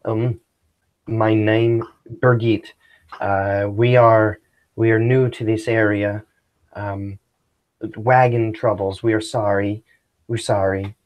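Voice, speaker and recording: A man voicing a timid pioneer wife who speaks halting, apologetic broken English with a Swedish accent. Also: fairly low pitch, little pitch movement, lo-fi sound.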